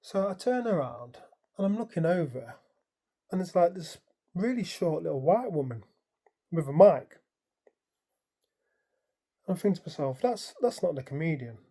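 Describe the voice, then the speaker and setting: Man, mellow warm voice, casual dream storytelling, rambling, lots of fillers. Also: high voice, unhurried, long pauses. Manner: rambling, animated retelling full of "like" and "um"; colloquial, storytelling present tense. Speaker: dream vlogger.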